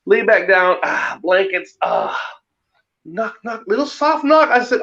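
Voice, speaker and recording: A man with a high voice tells a ghost story in a lively, casual way, often breaking into laughs. His voice rises and falls a lot. The recording sounds a bit dull and muffled. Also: measured pace, gravelly. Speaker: guest.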